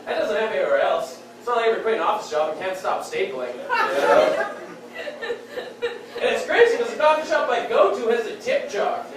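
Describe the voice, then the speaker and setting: A young man from Saskatchewan doing a wry, casual stand-up set on a club stage, acting out quick quotes. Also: very high-pitched, expressive, over a noisy crowd. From Saskatchewan, Canada. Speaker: stand-up comedian. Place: comedy club stage in a beer hall. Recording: very echoey club room, mic distant. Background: audience laughing.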